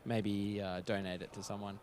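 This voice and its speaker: A man's voice: on the low side, little pitch movement, a little mellow. A man commentating a live esports match, joking and teasing his co-caster. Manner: joking, self-mocking, quick asides. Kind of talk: live game commentary, banter. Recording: noisy game sounds behind.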